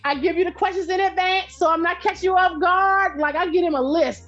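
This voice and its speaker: A middle-aged woman talks as a podcast guest in a loud, direct, animated way, spinning stories with easy laughter. Her voice sits high. The recording sounds a bit dull and lo-fi. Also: brisk, faint music behind. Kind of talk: casual interview chat.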